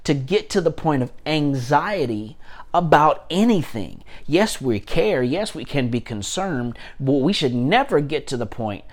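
A man's voice: on the high side, sing-song, a little slow. A man, a pastor, preaching a sermon with emphatic repetition and frequent restarts.

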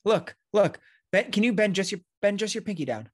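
A man's voice: sits high, lively intonation, brisk, breathy edge, no room sound, clean studio sound. A man co-hosting a podcast, teasing his partner and laughing through crude banter. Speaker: podcast co-host.

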